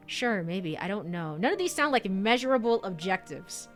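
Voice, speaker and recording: A young woman streams a video game with casual let's-play commentary, bubbly and giggly as she gushes over cute things. Her mid-range voice is sing-song at normal speed with few pauses, with faint music in the background.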